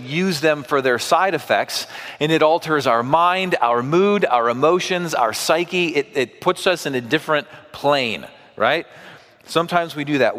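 A man's voice: a little high, a bit bright, in a large hall. A man preaching a sermon in a church, talking to the congregation in a conversational way with asides and questions. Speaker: pastor.

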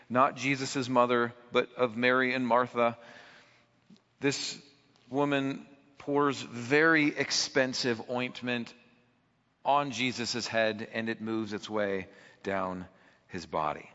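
Slow, bright-voiced male preacher. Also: mid-range voice. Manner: conversational, rhetorical questions to the congregation. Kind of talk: sermon. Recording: echoey hall, dull lo-fi sound.

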